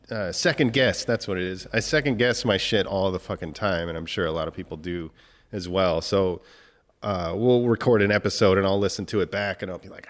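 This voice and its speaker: A man hosting a podcast, speaking emotionally in a halting tribute monologue, swearing often and breaking off to collect himself. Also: on the low side, big-room sound. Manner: halting, many restarts and fillers, heavy swearing. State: emotional, choked up. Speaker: podcast host.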